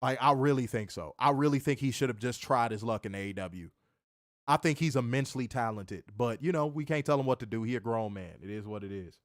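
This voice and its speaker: A man's voice: mid-range voice, fairly quick, no room sound, studio quality. A man co-hosting a casual wrestling review show, joking loosely, reading chat comments and summarizing the episode. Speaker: podcast co-host reviewing wrestling.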